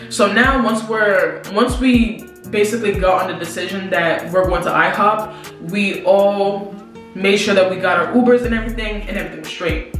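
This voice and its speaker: A young woman telling a story to her viewers in a lively, slangy way, talking straight to them. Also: mid-range voice, normal speed. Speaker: vlogger. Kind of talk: casual storytelling to camera. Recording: very echoey room, distant mic, faint music.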